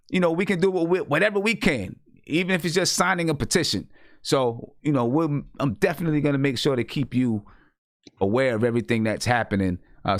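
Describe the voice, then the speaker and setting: Man, podcast host, laid-back halting talk, mid-pitched voice, dry close sound. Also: dry recording. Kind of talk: casual opinion chat.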